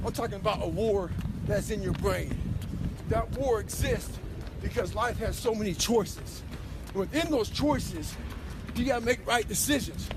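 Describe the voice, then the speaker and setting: A man's voice: high-pitched, measured pace, pauses often, heavy background noise. A man giving a blunt, intense motivational talk, commanding and full of profanity. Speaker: motivational speaker.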